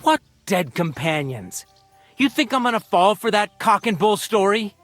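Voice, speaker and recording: An actor playing a cocky village bully in a video game, taunting and sarcastic. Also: male voice, sits high, very animated, normal speed, a bit bright, no room sound, faint music behind. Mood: scornful. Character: mocking male village bully, scornful and cocky.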